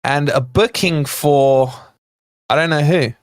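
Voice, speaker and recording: A man hosting a live football watch-along for a fan channel, narrating the play in a chatty way, talking to his viewers and breaking into excited shouts at near misses. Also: fairly high pitch, slow, no echo, studio quality. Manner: excitable, bursts into shouts at chances then calms; chatty asides to viewers in the chat.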